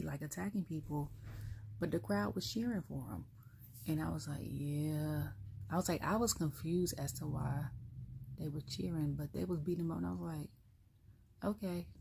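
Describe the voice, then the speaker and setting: Gravelly low-voiced woman ranting casually. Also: dark tone, slight background noise. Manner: chatty, laughs often, acts out quotes. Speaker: wrestling review vlogger. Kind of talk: casual solo rant.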